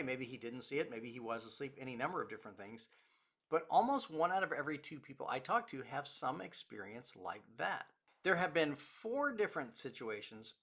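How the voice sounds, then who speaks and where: A man's voice: mid-range voice, pushed and bright. A man, a pastor, teaching a recorded lecture and telling anecdotes in a conversational way with quoted dialogue.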